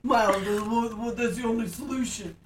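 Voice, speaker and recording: A woman's voice: fairly high pitch, fairly even intonation, moderate pace. Woman chiming in with plot corrections. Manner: short interjections, correcting plot details. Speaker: podcast co-host. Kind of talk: casual chat.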